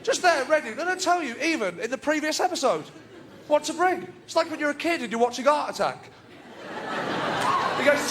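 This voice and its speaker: A man's voice: very high voice, lively intonation, a little fast, long pauses. A stand-up comedian with a nasal voice, performing his routine on a club stage. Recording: live club recording, loud crowd laughter and noise.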